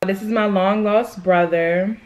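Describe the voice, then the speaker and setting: A woman's voice: mid-range voice, fairly even intonation, unhurried, heavy background noise. Sassy, chatty young woman vlogger. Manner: sassy, chatty, addresses viewers as y'all and boo. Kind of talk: casual food-challenge vlog.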